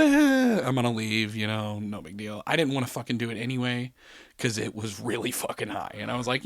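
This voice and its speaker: A man spins a rambling, swear-filled story on a podcast, laughing as he goes. His voice sits at an ordinary middle pitch, and the sound is dry and close with no room echo. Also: expressive, fairly quick. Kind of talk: casual chat. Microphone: podcast studio mic.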